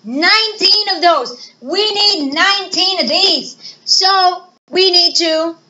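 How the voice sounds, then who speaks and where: A woman teacher giving a recorded math lesson to children, playful and animated, asking questions and answering them herself. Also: very high-pitched, slow, lo-fi sound, a little hiss or hum.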